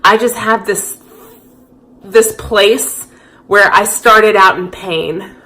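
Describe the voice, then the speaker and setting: Woman, thirties, mid-pitched; candid confessional vlogger, thoughtful and open. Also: slow, sharp tone. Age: 30s. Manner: candid, reflective, heartfelt. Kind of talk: personal confessional vlog.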